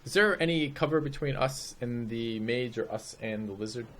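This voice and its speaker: A man playing a tabletop game, stating his moves slowly and deliberately. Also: medium pitch, a bit bright. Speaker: player.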